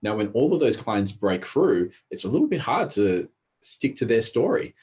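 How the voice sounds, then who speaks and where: Deep-voiced, husky man guest, rapid and animated. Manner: fast, animated storytelling. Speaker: interview guest, behavioural specialist. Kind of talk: casual interview talk.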